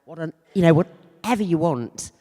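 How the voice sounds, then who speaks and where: A man interviewing a guest on stage, asking quick prompting questions. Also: fairly high pitch, lively intonation, warm tone. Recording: long hall reverb.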